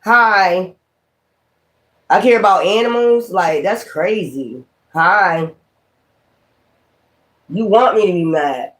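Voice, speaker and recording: High-voiced man ranting on a livestream. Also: lively intonation, slow, long pauses, a bit bright. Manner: profane, confrontational, repeats himself. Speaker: tarot reader. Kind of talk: livestream rant.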